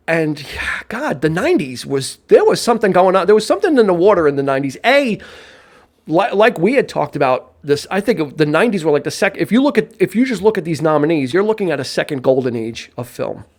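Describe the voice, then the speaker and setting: A man co-hosts a live film podcast in loose, rambling chat, often restarting his sentences and throwing in jokes. His voice sits a bit higher than most men's. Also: big pitch swings, a little fast. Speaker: podcast co-host. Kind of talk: casual live-stream chat about films.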